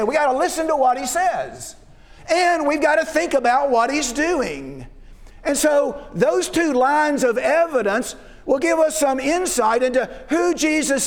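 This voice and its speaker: A man with a very high-pitched voice preaches a sermon, circling back with restarts and repeated words. He leans on rhetorical questions to the listeners. His voice rings with the long reverb of a large hall.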